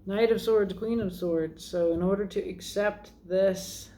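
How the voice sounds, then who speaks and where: A woman's voice: medium pitch, fairly even intonation, unhurried, mellow. A woman giving a casual tarot card reading, chatty and self-deprecating, thinking aloud as she turns each card. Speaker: tarot reader.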